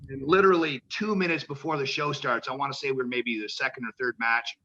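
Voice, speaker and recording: A man telling stories as an interview guest, animated and acting out the people he quotes, swearing casually, on a dull lo-fi recording. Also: medium pitch, fairly quick. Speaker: guest, professional wrestler.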